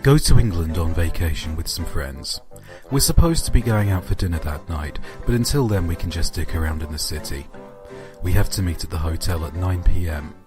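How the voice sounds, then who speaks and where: A man who hosts a channel narrates horror stories and chats casually, his delivery dry and offhand with some swearing. His voice sits low, expressive and brisk, with music playing underneath.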